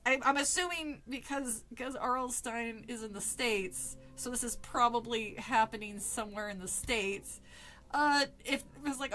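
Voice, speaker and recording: A woman's voice: fairly high pitch, unhurried, pushed and bright, a little hiss or hum. A woman who is a little drunk, chatting and swearing between passages as she reads a horror book aloud. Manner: chatty, swears, laughs often. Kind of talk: casual reading and commentary.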